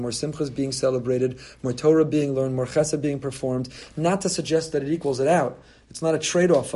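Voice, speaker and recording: A man's voice: a little high, mellow. A man preaching as a rabbi, earnest and building his points with repeated rhetorical phrases. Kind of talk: sermon.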